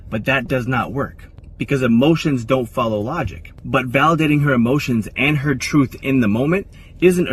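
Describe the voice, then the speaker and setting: A man's voice: medium pitch, a bit bright, breathy edge. A man giving firm, didactic relationship advice in a recorded clip. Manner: firm and didactic, acts out quoted lines. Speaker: relationship coach. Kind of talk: instructional monologue in a clip. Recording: slightly distant with faint background noise.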